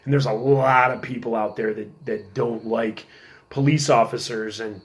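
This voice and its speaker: A middle-aged man telling stories in a casual podcast chat, working as a police officer, animated and acting out quotes. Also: mid-range voice, normal speed. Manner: animated storyteller, acts out quotes in a raised voice.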